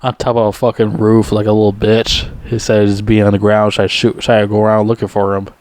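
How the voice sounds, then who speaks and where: A man's voice: lowish voice, little pitch movement, fairly quick, darkish tone, no echo. A man giving a rambling, profanity-laced casual movie review, with lots of restarts and sudden emphatic rises.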